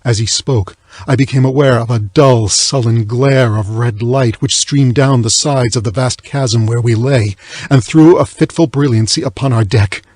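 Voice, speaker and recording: A man reading a classic sea tale aloud as an audiobook, in a measured, low and somber manner. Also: a little mellow, dry recording. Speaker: audiobook reader. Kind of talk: scripted narration of a classic tale.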